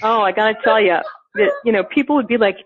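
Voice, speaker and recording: A woman telling a funny personal story in casual chat, animated and laughing often, acting out the quotes. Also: medium pitch, fast, noisy background. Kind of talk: casual anecdote. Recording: phone-like narrow sound.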